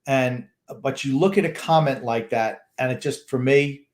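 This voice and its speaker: A man's voice: mid-range voice, moderate pace. A man co-hosting a sports podcast, giving blunt, opinionated takes in casual chat. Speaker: podcast co-host.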